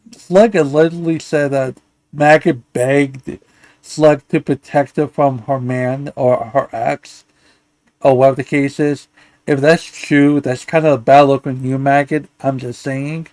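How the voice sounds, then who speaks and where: A man's voice: fairly high pitch, steady tone, measured pace, a little mellow, no echo. A man hosting a live commentary stream, ranting in a profane, insulting way and stumbling over restarts. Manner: angry, insulting, stammers and restarts. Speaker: livestream commentary host.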